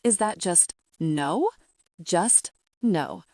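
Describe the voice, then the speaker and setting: Woman reading as a stern male bank manager, scathing and clipped, slow delivery, very dry sound. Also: fairly low pitch, lively intonation, a little mellow, no echo. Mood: cold, sarcastic.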